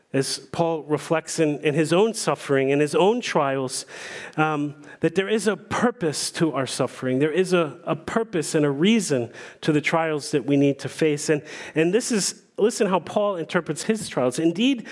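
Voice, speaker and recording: A man preaching as pastor, earnest and measured, with pauses and small restarts. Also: on the high side. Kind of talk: sermon.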